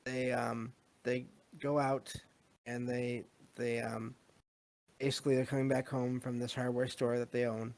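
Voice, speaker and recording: A man's voice: mid-range voice, flat delivery, measured pace, a little mellow. A podcast host chatting loosely about a movie, with a lot of ums, restarts and asides to his live chat. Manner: rambling, many fillers, reads live chat. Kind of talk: casual movie review chat.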